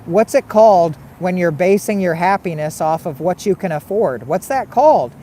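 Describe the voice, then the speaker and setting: A man's voice: sits high, expressive, normal speed, warm tone, a little hiss or hum. A man hosting a casual livestream, reading viewer comments and arguing back with repeated rhetorical questions. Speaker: livestream host.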